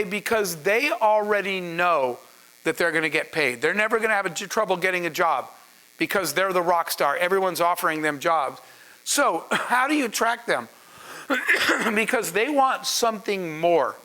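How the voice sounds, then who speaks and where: A middle-aged man giving a business masterclass, telling anecdotes and acting out the dialogue in a lively way. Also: high voice, rough recording. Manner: animated, acts out dialogue in anecdotes. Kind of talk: storytelling business talk.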